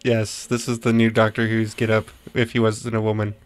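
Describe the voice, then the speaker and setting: A man's voice: on the low side, monotone, moderate pace. A man co-hosting a comedy podcast while sick, joking around and laughing often. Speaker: podcast co-host. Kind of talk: casual comedic banter. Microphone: studio mic with pop filter.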